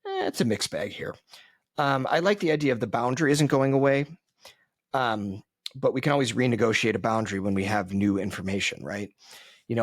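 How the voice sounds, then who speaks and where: A man's voice: on the low side, no echo. A man hosting a solo podcast, talking in a conversational, reflective way with frequent ums and asides, close to the mic. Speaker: podcast host.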